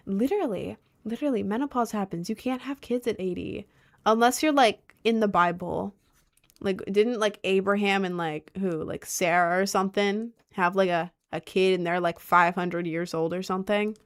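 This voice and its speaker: A young adult woman livestreaming, chatting casually and reacting to her chat with lots of slang and quick asides. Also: medium pitch, a bit bright.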